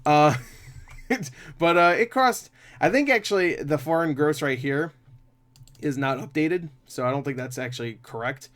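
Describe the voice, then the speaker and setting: A man's voice: fairly high pitch, measured pace, fairly bright tone. A man chatting casually about box office numbers as a movie reviewer, swearing freely and laughing often.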